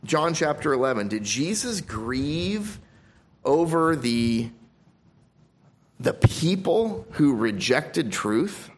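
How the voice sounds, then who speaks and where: A man preaching a sermon as pastor, reading scripture aloud and swinging between emphatic loud stresses and quiet drops. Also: fairly high pitch, very animated, slow pace. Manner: reads scripture aloud in King James wording.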